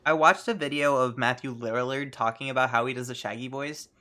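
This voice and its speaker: A woman's voice: a bass voice, a little fast, fairly bright tone. A woman streaming a game, chatting in giggly, rambling asides between reading lines aloud. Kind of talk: casual gameplay commentary.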